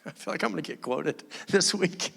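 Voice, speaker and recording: A male pastor preaching an animated sermon, acting out quoted voices as he goes. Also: high-pitched, normal speed, gravelly, slightly rough. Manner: animated, acts out quoted voices, laughs often. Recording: long reverb of a church hall.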